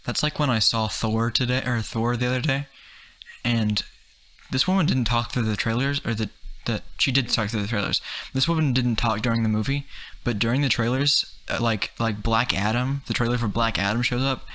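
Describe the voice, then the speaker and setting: A young man co-hosting a casual podcast chat, trading deadpan jokes and banter. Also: medium pitch, moderate pace, poor audio. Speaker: podcast co-host.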